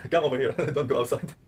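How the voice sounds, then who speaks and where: A man reading chat comments aloud on a casual livestream, with frequent pauses and fillers. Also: mid-range voice, a little mellow, slight background noise. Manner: hesitant, many uh fillers. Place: home in Kuwait.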